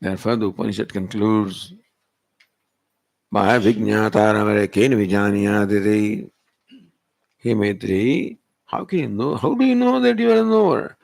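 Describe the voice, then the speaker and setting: A man's voice: lowish voice, measured pace, vocal fry, long pauses, darkish tone, no echo. A male spiritual teacher, giving a Vedanta discourse and pressing the listener with rhetorical questions. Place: retreat hall.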